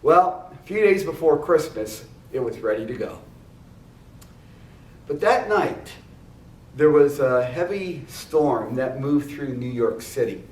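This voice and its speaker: A male preacher telling a story in a sermon, animated, with frequent restarts. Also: medium pitch, slow pace. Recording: echoey room, mic at a distance.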